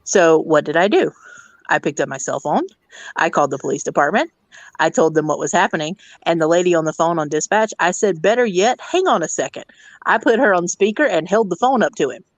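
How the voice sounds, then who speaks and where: A woman's voice: on the low side, brisk, dry recording, dull audio. A woman who works as a hotel district manager, telling a blunt, profane story about a rude guest in a casual rant. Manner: blunt, profane, animated retelling.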